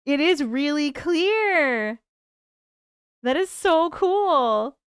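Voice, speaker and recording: A woman hosting a casual live stream from her desk at home, chatty and excitable, swearing freely. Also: high-pitched, drawn-out words, no room sound, clean studio sound.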